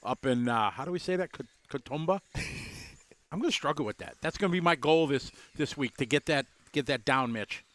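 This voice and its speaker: A man's voice: medium pitch, animated, normal speed, a bit bright, dry recording. A man doing casual live commentary at a race, chatting and greeting viewers.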